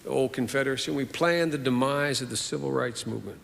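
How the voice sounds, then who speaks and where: A man putting on the voice of an elderly Southern senator who speaks slowly in a fatherly way and repeats his words, heard in a reverberant hall. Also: mid-range voice, vocal fry, a bit bright, slight background noise. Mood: solemn. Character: elderly male Southern senator, courtly and unhurried.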